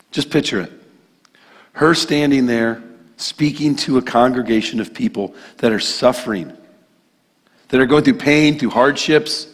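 A man's voice: mid-range voice, unhurried, pauses often. A man preaching a sermon in a church in a conversational, emphatic way, with casual asides. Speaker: pastor. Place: church sanctuary. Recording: long hall reverb.

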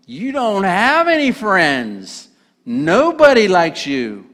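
A man's voice: high voice, huge pitch swings, fairly bright tone, voice pushed up, heavily acted. Gollum, a man putting on a sneering creature voice. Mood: scornful. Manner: slow, accusing, sneering. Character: spiteful hissing male creature, old nature. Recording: echoey hall.

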